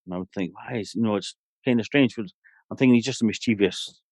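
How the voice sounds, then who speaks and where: A man's voice: lowish voice, quick pace, a little mellow, slightly rough, no room sound. A middle-aged Scottish man, a guest on a podcast, telling a long personal story in a rambling, anecdotal way full of "you know". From Scotland.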